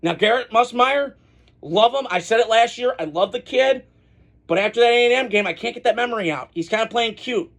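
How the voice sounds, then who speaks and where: Guy with a high voice rambling through his college football takes, loose and opinionated, lots of restarts. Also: brisk, a bit bright. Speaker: college football podcast host. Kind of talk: casual solo sports commentary.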